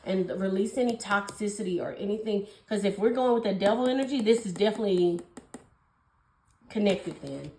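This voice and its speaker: Young female tarot reader, quick and affectionate delivery, roomy echo. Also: medium pitch, a little mellow. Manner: fast, gushing and affectionate, calls viewers babies and honey. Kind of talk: casual tarot reading to camera.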